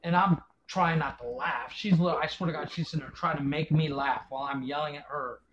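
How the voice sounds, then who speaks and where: Man, podcast host, casual chat, animated storytelling, fairly high voice, lo-fi dull sound. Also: a little fast, slight background noise. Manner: animated storyteller who laughs between lines.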